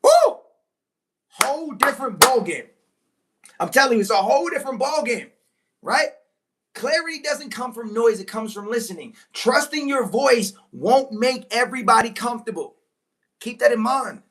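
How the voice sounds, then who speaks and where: A woman giving a motivational talk to viewers, preachy and emphatic, repeating key lines, slowing on big points and breaking into excited exclamations. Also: a little high. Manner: slows right down on key phrases. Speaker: motivational speaker. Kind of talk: live-stream motivational talk.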